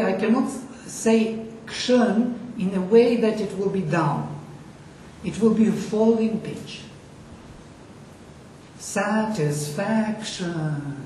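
Slow, mellow-voiced male lecturer. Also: sits high, slight background noise. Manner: explanatory, asks the class questions; chants Sanskrit words slowly. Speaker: teacher. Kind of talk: lecture on Sanskrit accent. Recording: echoey room, distant mic.

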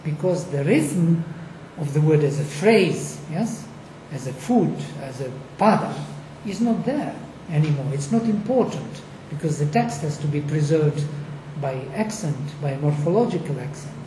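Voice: mid-range voice, animated, measured pace, hardly any pauses. A speaker explaining ancient recitation on a discussion panel, emphatic and fond of rhetorical questions. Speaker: lecturer on Vedic recitation. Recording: echoey room, faint noise.

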